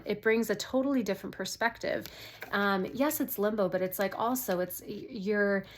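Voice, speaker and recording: A woman's voice: mid-range voice, fairly bright tone. A young woman giving a casual tarot reading, chatty and earnest, with many fillers and restarts. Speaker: tarot reader.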